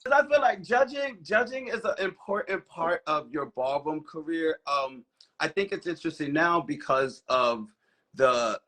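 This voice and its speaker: A man's voice: a little high, lively intonation, normal speed, bright, forceful tone. Reflective male podcast host. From Baltimore. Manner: reflective, conversational, laughs easily. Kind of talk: casual interview chat.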